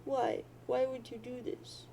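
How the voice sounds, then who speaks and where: A woman's voice: a little high, flat delivery, vocal fry, dark tone, slight background noise, poor audio. A woman voicing a grieving, lost teenage girl who sobs and wails. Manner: sobbing, wailing drawn-out boo-hoos.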